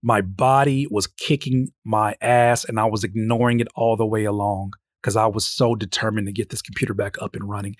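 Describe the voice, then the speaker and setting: A man in his thirties hosting a casual solo podcast and telling a story with energy, often jumping into a high voice when he quotes himself. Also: no echo, studio quality. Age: 30s. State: sleep-deprived. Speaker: podcast host.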